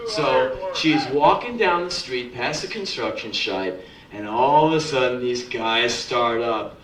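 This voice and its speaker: A man's voice: mid-range voice, expressive, a little slow. A young man doing a live spoken word show, telling stories in a blunt, profane, sardonic way. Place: live music club. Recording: echoey club from a distance, faint crowd noise.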